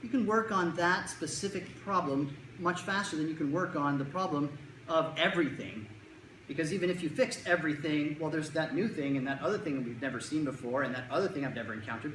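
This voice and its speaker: A speaker at a middle pitch gives a talk to parents about anxious children. The speaker keeps slipping into quick put-on kid and parent voices to act out scenes. The sound is roomy, with echo from the hall and faint noise behind. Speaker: child anxiety clinician giving a talk to parents. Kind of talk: talk to a live audience.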